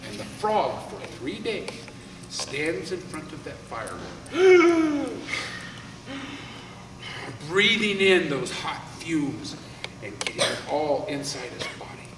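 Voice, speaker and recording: A man telling a folktale aloud in an animated way, with dramatic pauses. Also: on the high side, noisy background. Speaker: storyteller. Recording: echoey hall, voice from far off, faint ambience.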